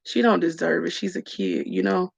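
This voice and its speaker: A woman's voice: fairly low pitch, fairly even intonation, moderate pace, gravelly, slightly rough, dry recording. A woman vlogger candidly telling her story to live viewers, raw and emotional, calling them y'all. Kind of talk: candid story-time livestream chat. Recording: dull lo-fi dry sound.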